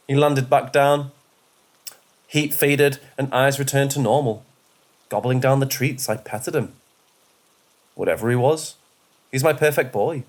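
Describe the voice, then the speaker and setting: A man's voice: medium pitch, a little mellow. Man narrating scary stories steadily. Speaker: horror story narrator. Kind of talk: scripted first-person narration.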